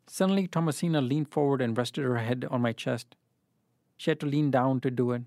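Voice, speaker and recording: A man giving a literary fiction reading in a measured, even way. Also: medium pitch, vocal fry, no echo, studio quality. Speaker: reader.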